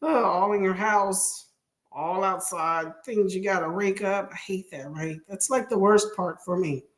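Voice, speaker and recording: A woman's voice: mid-range voice, unhurried. A woman hosting a casual livestream, chatting with viewers by name and laughing often, her throat a little choked up. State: slightly choked up, clearing throat. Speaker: livestream host. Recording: echoey room.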